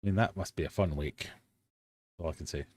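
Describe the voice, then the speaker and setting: A man's voice: low-pitched, fairly quick, a little mellow, slightly rough, no room sound. A British man hosting a live-stream quiz from his fish room, reading out questions and chatting with self-mocking dad jokes.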